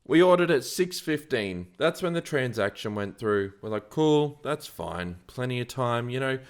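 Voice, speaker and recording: A man's voice: mid-range voice, normal speed, clean tone. A man co-hosting a casual podcast, telling stories and acting out the people in them. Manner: animated storyteller, acts out quotes loudly. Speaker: podcast co-host.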